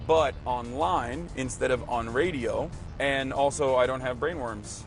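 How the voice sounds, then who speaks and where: A man giving candid, relaxed answers in a casual interview. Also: medium pitch, a little slow, soft background music. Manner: relaxed, candid, a few fillers.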